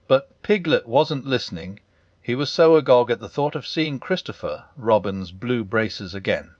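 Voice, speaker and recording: A man narrating a classic children's story as a gentle bedtime audiobook. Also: mid-range voice, dry recording, lo-fi sound.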